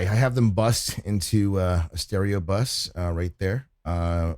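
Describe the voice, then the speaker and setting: A man's voice: low voice, measured pace, darkish tone, no room sound, clean studio sound. A man casually talking through his mixing work on a livestream, swearing freely as he explains each step. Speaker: mixing engineer teaching on a livestream.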